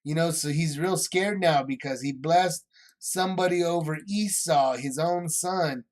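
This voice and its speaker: A man's voice: a little high, unhurried. A man teaching a casual Bible study, rambling, restarting his sentences and acting out the scenes.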